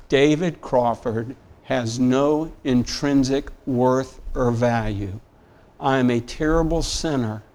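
A middle-aged man preaching a sermon, rising to emphatic scripture quotes and dropping quiet on personal stories. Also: medium pitch. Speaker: pastor.

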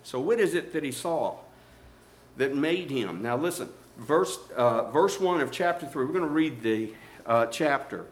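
A man preaching a sermon, swinging from quiet teaching to loud, animated outbursts. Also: medium pitch, measured pace. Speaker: pastor.

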